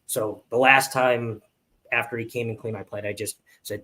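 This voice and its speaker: Animated male cruise storyteller. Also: normal speed. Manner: animated storyteller, acts out quotes in a high voice. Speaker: podcast co-host. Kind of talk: casual chat, storytelling.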